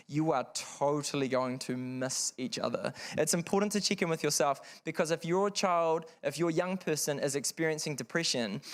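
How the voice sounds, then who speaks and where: A man speaking frankly to parents in a seminar room, telling a personal story in a conversational, earnest way with wry asides. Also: a little high.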